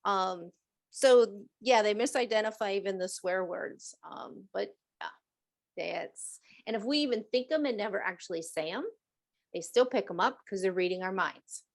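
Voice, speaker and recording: A woman's voice: medium pitch, normal speed. Woman, host, casual chat, middle-aged, laughs often, playful impressions. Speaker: animal communicator host.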